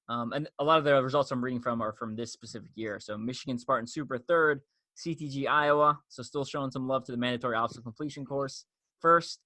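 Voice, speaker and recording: Man, podcast host, bright tone, dry close sound, chatty with fillers. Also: mid-range voice, no echo. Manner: relaxed, chatty, with frequent fillers. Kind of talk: conversational podcast hosting.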